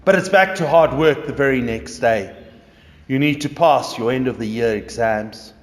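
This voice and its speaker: A man's voice: medium pitch, moderate pace. A man preaching a sermon, telling a story dramatically in the second person. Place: church. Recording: echoey church reverb.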